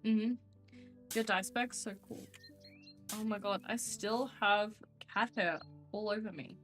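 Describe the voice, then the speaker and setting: Bright-voiced chatty young woman streamer. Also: medium pitch, fairly even intonation, unhurried, soft background music. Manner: chatty, rambling, cooing to her cat. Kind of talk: casual live-stream chat.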